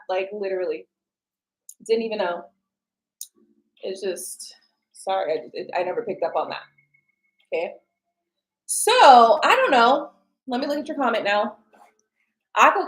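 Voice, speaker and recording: Animated woman hosting a live tarot stream. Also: mid-range voice, normal speed, long pauses, poor audio. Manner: animated and chatty, laughs often, talks straight to viewers. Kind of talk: live stream chat, answering viewer comments.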